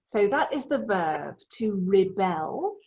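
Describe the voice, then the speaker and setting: A woman's voice: medium pitch, big pitch swings, takes it slowly, darkish tone. A woman teaching an online English class, patiently explaining vocabulary with examples. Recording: dull lo-fi sound.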